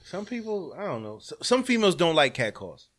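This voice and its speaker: A man's voice: on the high side, sing-song, fairly quick, a bit bright. A young man co-hosting a casual podcast, chiming in with short agreements and laughs. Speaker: podcast co-host. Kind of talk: casual chat.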